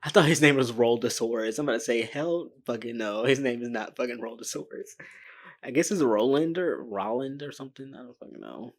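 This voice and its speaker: A man's voice: mid-range voice, animated, brisk, darkish tone. A man giving casual reaction commentary on a TV show, chatty, blunt and joking. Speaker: reaction video host.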